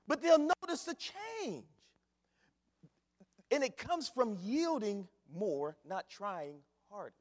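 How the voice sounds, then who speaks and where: Older preacher, high and lively. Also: male voice, takes it slowly, long reverb tail. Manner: swings between loud fervent calls and low hushed asides. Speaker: pastor. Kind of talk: sermon.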